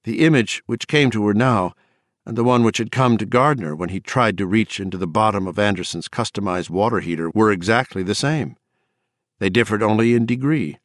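A man narrating an audiobook in a measured, dramatic storytelling manner. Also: fairly low pitch, no room sound, clean studio sound. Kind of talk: scripted narration.

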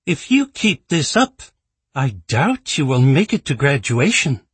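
A man's voice: on the high side, very animated, unhurried, husky, no room sound, pitched above the performer's own voice, full character voice. A man voicing a strict female school official who scolds in a cold, clipped manner. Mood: stern.

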